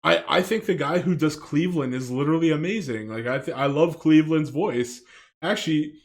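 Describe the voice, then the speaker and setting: Man, from Canada, slightly high pitch, casual commentary, lots of fillers, swears freely. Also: fairly quick. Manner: loose and chatty, full of fillers and swearing. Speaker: video commentator.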